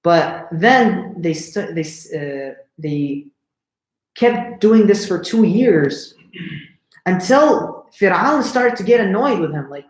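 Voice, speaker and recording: A man's voice: high-pitched, animated, slow pace. Man telling a religious story, echoey room. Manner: conversational, checks in with listeners often. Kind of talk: live religious story lesson. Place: lecture room.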